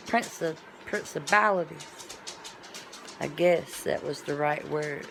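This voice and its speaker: A woman's voice: sits low, takes it slowly, creaky, soft background music. A woman vlogger talking in a casual, rambling monologue, with colloquial, folksy phrasing and sound-effect words.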